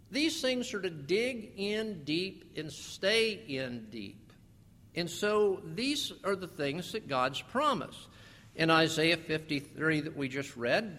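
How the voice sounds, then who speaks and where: A man preaching a sermon as pastor, animated, slowing down for scripture and putting questions to the congregation. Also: sits high. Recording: long reverb of a large hall.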